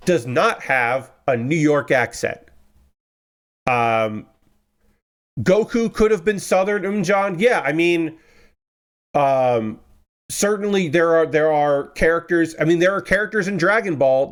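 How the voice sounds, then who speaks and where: Chatty man streamer, slightly high voice. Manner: rambling, digressive, reacts to chat comments. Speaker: live streamer. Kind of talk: casual chat while doing a jigsaw puzzle on stream.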